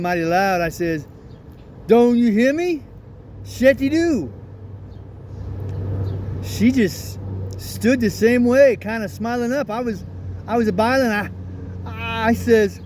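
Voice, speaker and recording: A man's voice: high-pitched, steady tone, a little slow, slight background noise. A man reading an audiobook, voicing Jim, a remorseful father telling a painful story in a heavy Southern US dialect. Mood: sorrowful.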